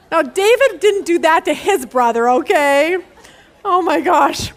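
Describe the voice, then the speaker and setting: Bible study leader, middle-aged woman, high bright voice, animated, laughs at herself. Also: normal speed. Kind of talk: lively Bible study teaching.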